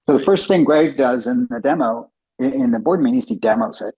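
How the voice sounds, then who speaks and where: A middle-aged man with a husky, mid-pitched voice tells stories as an interview guest. He slips into animated voices for the people he quotes. The recording sounds muffled and lo-fi. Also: fairly quick. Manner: animated, acts out quoted dialogue in other voices. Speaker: company co-founder and guest. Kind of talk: casual storytelling interview. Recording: dull lo-fi podcast audio.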